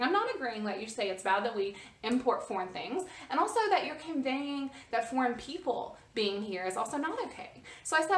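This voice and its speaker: Woman vlogger rambling through a story, kinda high voice, echoey room, a bit off mic. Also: distant mic. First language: English. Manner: animated, restarts often, rises when reliving the scene. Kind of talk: casual storytelling.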